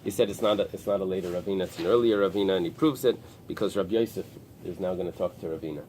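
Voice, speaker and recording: A man teaching a Talmud class, pausing and restarting often as he explains the text. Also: sits low, darkish tone, slight background noise. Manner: explains in halting restarts with many fillers. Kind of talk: early-morning Talmud class. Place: synagogue study room with a small group.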